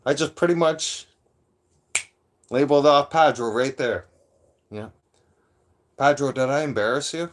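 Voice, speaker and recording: A middle-aged man, ranting on his live stream. He talks rough and profane, throwing out threats. His voice sits at an ordinary mid pitch for a man. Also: unhurried, long pauses. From Toronto, Canada.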